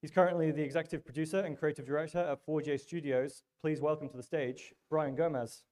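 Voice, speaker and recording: A man acting as host at a live event, making announcements and introducing the next speaker in a friendly, brisk way. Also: on the high side, steady tone, a little mellow. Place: event venue with a bar.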